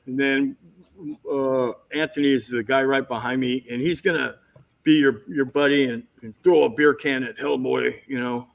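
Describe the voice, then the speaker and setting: A man telling lively stories as a guest on a casual video-call chat, jumping into quick impressions. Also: medium pitch, creaky, dull audio. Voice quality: bald. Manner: animated anecdotes with impressions.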